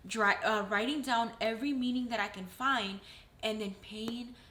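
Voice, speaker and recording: Bright animated woman in an echoey room. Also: a little high, moderate pace. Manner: animated, swears, mixes in Spanish phrases. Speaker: host. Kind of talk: casual chat.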